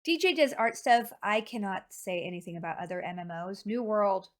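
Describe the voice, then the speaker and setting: A woman's voice: medium pitch, moderate pace. Woman streamer, talkative and rambling, mid-range voice, casual chat. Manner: chatty and rambling, talks to chat. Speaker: game streamer.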